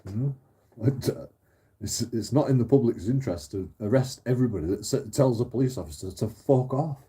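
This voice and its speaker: A man's voice: mid-range voice, animated, brisk, mellow, slightly rough. A man hosting his channel, ranting casually, swearing freely and laughing often between rambling restarts. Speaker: channel host.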